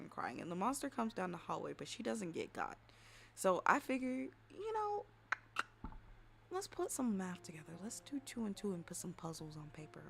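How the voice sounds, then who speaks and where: A woman streamer at home on a desk mic, telling a story to her chat in a profane, dramatic way, swinging from loud outbursts to hushed whispers. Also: medium pitch, gravelly, slight background noise. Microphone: desk microphone.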